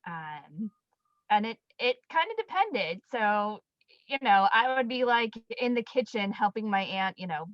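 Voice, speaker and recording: Soft-spoken woman on a dull video call. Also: medium pitch, sing-song, measured pace, no room sound. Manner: soft-spoken, hesitant, many fillers. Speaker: participant. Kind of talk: casual group chat.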